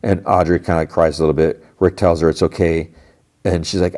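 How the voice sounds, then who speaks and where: A man's voice: low voice, fairly even intonation, a little fast, a little mellow. A man hosting a podcast, recapping a TV episode in a loose, rambling way. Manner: loose and rambling, lots of "like" and restarts. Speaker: podcast host.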